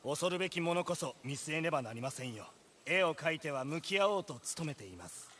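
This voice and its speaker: An actor voicing a calm, courteous male painter in a video game, soft-spoken and polite. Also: fairly high pitch, rapid-fire, a little hiss or hum. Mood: gentle, measured. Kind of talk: Japanese video game voice acting.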